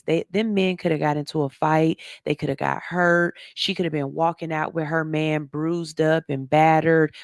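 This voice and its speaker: A woman hosting a radio show, telling a story to her listeners in a casual, animated way and calling them "y'all". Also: low-pitched, gravelly, dry recording, clean studio sound. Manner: animated, talks straight to the audience as "y'all"; slips into soft, hushed voices when quoting people.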